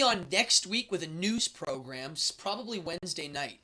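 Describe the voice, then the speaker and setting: A man's voice: on the high side, expressive, moderate pace, pushed and bright. A middle-aged man hosting a live stream, chatting casually and enthusiastically, rambling as he reacts to viewers' comments. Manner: enthusiastic, rambling, reads chat aloud. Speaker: host.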